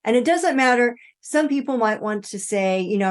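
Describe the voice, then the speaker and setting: A woman's voice: a little high, lively intonation, moderate pace. Encouraging woman giving a self-help talk. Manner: gentle, encouraging, addresses listener directly; drops soft and quiet for affirmations. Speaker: wellness coach.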